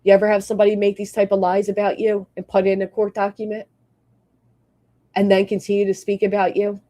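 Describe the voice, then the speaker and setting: A woman's voice: mid-range voice, completely flat delivery, fast talker, warm tone. Brief: fired-up, foul-mouthed woman live streamer, blunt rants mixed with thank-yous to members. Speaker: livestreamer. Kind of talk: live stream rant and member shout-outs.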